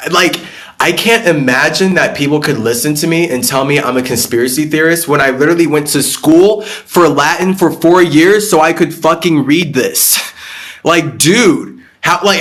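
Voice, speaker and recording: A man's voice: a little high, a bit bright. A man hosting a spiritual live stream who talks bluntly and profanely, rambling through his ideas, answering viewer comments and breaking into laughs.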